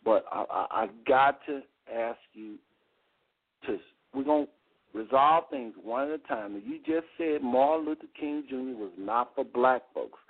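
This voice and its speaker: A man's voice: medium pitch, moderate pace. A man hosting a heated call-in radio debate, cutting in and repeating his questions insistently. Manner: insistent, repeats himself to interrupt. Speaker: radio show host. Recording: tinny phone-line radio audio.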